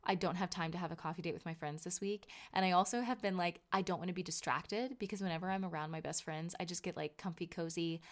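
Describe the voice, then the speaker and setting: A woman's voice: lowish voice, steady tone, fast talker, hardly any pauses. A woman in her thirties hosting a casual solo podcast, chatty and emphatic, sounding sleepy and tired. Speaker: podcast host and author.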